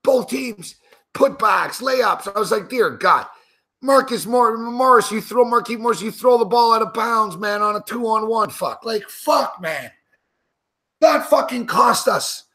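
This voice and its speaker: Man, sports betting host, high pitched, bright cutting tone, profane angry rant, sarcastic lecturing. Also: expressive, a little slow. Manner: angry, profane outbursts and shouting at the players. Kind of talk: live reaction rant while watching a game.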